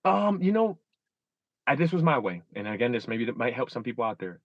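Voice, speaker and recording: A man's voice: fairly quick, dry recording, dull audio. A man in his thirties, a guest in a candid interview, talking animatedly and acting out his own inner dialogue. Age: 30s. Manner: animated, acts out inner dialogue with shifting pitch.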